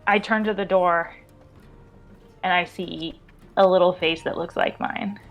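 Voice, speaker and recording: An excitable woman describing her character's actions at a tabletop game, stammering now and then. She talks at an unhurried pace. Faint music plays in the background. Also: dull audio. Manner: excitable, stammering, breaks into high squeals in character. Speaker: player.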